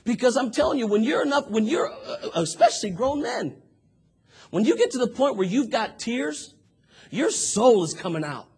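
A man preaching a sermon, moving from quiet talk to shouted fervor and acting out prayers and voices as he tells the story. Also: extremely high pitch, big pitch swings, moderate pace, husky. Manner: acts out prayers and dialogue in the telling.

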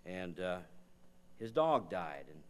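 A man's voice: low voice, very animated, slow pace, clear, resonant tone. A man preaching a sermon in a church. He moves from folksy, conversational storytelling into earnest preaching and prayer. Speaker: guest preacher. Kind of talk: sermon with folksy joke-telling.

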